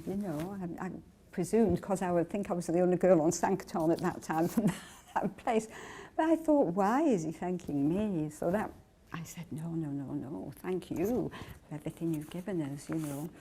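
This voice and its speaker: A woman tells a personal memory for an interview. Her voice is husky and warm, and she acts out the words of each person in her story with feeling. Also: lowish voice, moderate pace. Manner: heartfelt, animated storytelling, acting out quotes. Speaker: devotee recalling memories.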